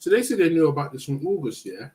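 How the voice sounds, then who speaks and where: A man's voice: on the high side, sing-song, fast talker, warm tone, a little hiss or hum. A man hosting a casual live boxing stream, chatting in slang and eating while he talks. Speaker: boxing channel host.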